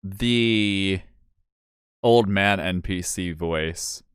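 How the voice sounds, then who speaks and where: A man's voice: deep voice, extremely slow, fairly bright tone, smooth, no room sound, clean studio sound. A young man chatting casually and laughing while playing through a game. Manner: chatty, laughing, thinks aloud. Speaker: game streamer voicing characters.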